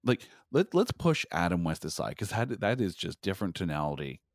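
Deep, lively male podcast co-host. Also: no echo, studio quality. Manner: animated, quick restarts. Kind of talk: casual chat.

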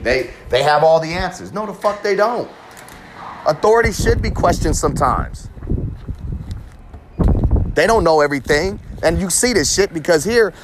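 A man hosting his own podcast, talking in a profane, rambling casual monologue that swings between loud bursts and low mutters. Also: reverberant, a little hiss or hum. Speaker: podcast host.

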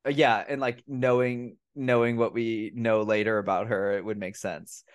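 Profane, animated male podcast host. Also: lowish voice, normal speed, clear, resonant tone, no echo, clean studio sound. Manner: profane, animated retelling of scenes. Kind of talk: casual film review chat.

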